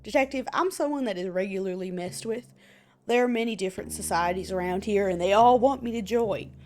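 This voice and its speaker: A woman's voice: mid-range voice, brisk, a little mellow, lightly acted. A woman voicing a paranoid, distrustful loner in a game. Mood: wary. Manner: wary, distrustful. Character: paranoid suspicious loner animal villager.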